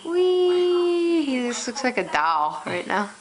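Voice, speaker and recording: A woman in a home video, gently coaxing her baby while feeding him, cooing with little gasps of delight. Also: mid-range voice, lively intonation, normal speed.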